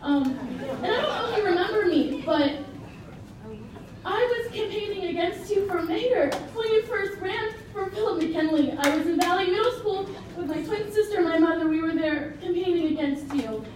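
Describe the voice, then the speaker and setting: Young woman in her 20s, very high voice, emotional, talking in a big echoey hall from far away. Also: animated, moderate pace. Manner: emotional, impassioned, pleading. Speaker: public commenter, teacher. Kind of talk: public comment at a council meeting. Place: large meeting hall with a crowd. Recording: echoey hall, distant, crowd noise.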